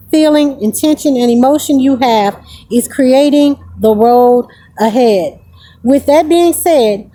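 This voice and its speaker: A woman's voice: sits high, warm tone, slight background noise, low-quality recording. A woman giving a spiritual oracle card reading, speaking emphatically and checking in with "okay?" as she reads card text aloud. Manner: emphatic, repeats points with "okay?" check-ins.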